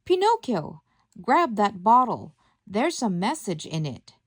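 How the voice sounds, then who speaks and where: Jiminy Cricket, put on by a woman, high and shouty. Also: lively intonation, takes it slowly, dry recording, studio quality. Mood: urgent. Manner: shouting, urgent. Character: small excitable male cricket, bossy helper.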